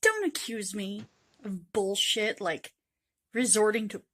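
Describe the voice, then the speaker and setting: A woman's voice: mid-range voice, animated, takes it slowly, fairly bright tone. A woman in casual podcast banter, blunt and sarcastic.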